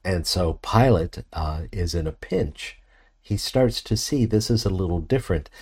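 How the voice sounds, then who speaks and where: Measured and reflective yet animated, a male preacher walks through the text of an expository sermon. His voice is low, husky, and a little mellow, and he frequently stops to put rhetorical questions to the audience.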